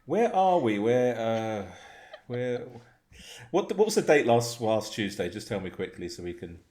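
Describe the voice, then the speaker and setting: A man's voice: medium pitch, very animated, unhurried, darkish tone. A man from England, hosting a podcast in casual chat, laughing and swearing as he reads out group chat messages. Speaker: podcast host.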